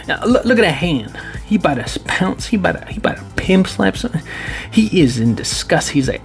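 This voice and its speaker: Gravelly guy doing laid-back card tier commentary, joking around with the boys, soft music under him. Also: fairly high pitch, animated, moderate pace. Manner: playful, addresses viewers as boys. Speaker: card collecting video host.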